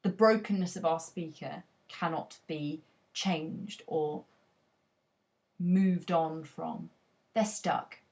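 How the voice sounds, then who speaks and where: A woman's voice: deep voice, slow pace, a little mellow. A woman teacher giving a poetry analysis lesson, talking expressively and reading quoted lines aloud with dramatic emphasis.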